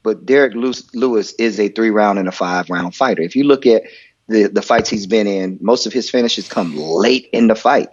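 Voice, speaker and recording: A man's voice: on the low side, normal speed. A man co-hosting a sports talk show in casual chat, earnest and repeating words as he builds his point. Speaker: podcast co-host. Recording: dull lo-fi sound.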